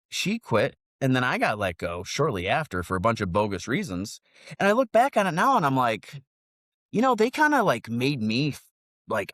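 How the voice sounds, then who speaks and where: In casual podcast chat, an American co-host in his forties launches into animated, rambling stories laced with profanity. His mid-range voice has no room sound and a clean studio finish.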